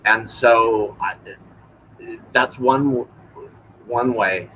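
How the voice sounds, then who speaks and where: A man's voice: mid-range voice, steady tone, very slow, sharp tone, a little hiss or hum, poor audio. A man, a guest on a live stream, chatting conversationally with frequent restarts. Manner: conversational, lots of fillers and restarts. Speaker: guest, chapter host. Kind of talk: casual live-stream chat.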